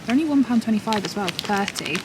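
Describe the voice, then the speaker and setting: A young British woman vlogging casually at home, gushing and excitable, full of "literally" and "like". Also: on the high side, racing, noisy background. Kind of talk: casual vlog chat.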